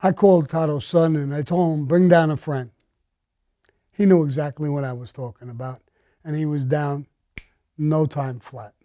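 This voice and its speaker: A man's voice: on the high side, fairly even intonation, normal speed, dark tone, dry recording, dull audio. A man bluntly recounting a violent crime story, swearing often and speaking with menace.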